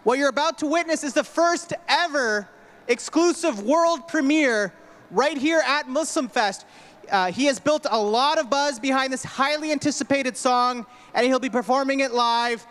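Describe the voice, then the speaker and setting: A man's voice: very high-pitched, normal speed, a bit bright. A man hosting an outdoor festival stage, joking with the crowd and hyping up the next act. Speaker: festival emcee.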